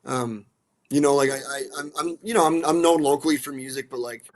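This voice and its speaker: Animated man telling a story. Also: mid-range voice, fairly quick. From central Alberta, Canada. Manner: animated, blunt, swears, restarts and repeats words. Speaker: guest, musician and dog rescue advocate. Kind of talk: casual storytelling.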